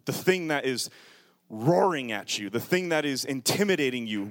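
A man preaching a sermon in a church with a handheld microphone, moving between quiet, reflective passages and loud, fervent calls to his congregation. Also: mid-range voice, lively intonation, moderate pace. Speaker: pastor. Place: church sanctuary.

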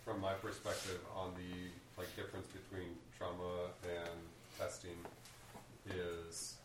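Hesitant low-voiced man, noisy and distant. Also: monotone, takes it slowly. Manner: hesitant, searching for words with many fillers. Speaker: discussion participant. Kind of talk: reflective conversation. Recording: distant echoey mic with loud noise.

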